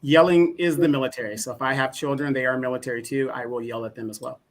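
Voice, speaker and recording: A man's voice: mid-range voice, little pitch movement, fast, a bit bright. A man on a casual livestream, arguing his point insistently and stumbling over repeated words as he talks. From Southern California. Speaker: co-host guest. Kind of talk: casual debate.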